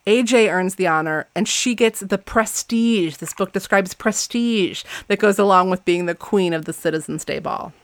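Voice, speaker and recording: A woman's voice: medium pitch, normal speed, few pauses, no echo. Laughing woman chatting about a book. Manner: laughs often, reads passages aloud. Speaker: podcast co-host. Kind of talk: casual book discussion.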